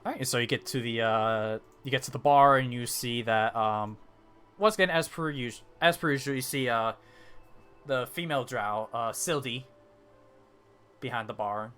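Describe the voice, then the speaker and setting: Bright-voiced male game master, halting. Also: mid-range voice, clean tone. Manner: halting, many fillers and restarts. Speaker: dungeon master. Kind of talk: narrating a tabletop game.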